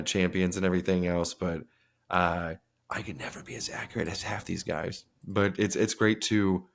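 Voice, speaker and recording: A lower-pitched man co-hosting a podcast, drifting through rambling stories and slipping into acted-out quotes along the way. Easygoing, casual chat. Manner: rambling storyteller, acts out quotes. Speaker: podcast co-host.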